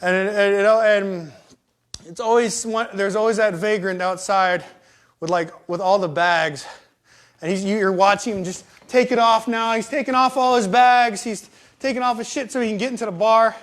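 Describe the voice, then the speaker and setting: A man's voice: high voice, steady tone, normal speed, a bit bright. A young man telling profane, rambling, self-mocking stories in casual talk. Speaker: storyteller. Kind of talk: casual storytelling. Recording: live stream.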